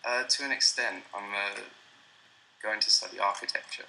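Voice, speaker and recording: Deep, flat-voiced young British man. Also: normal speed, gravelly, poor audio. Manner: relaxed, self-deprecating, chuckles often. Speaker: guest. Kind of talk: casual interview chat. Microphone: computer mic over a voice call.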